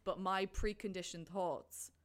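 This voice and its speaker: A young woman in casual conversation about a film, chatty and animated, acting out her own thoughts in quotes. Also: lowish voice, a little slow.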